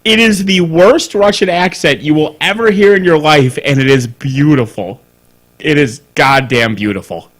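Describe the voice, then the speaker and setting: Man, podcast co-host, casual chat, animated, swears a lot, laughs often. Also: a little high, moderate pace. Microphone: studio mic on a live stream.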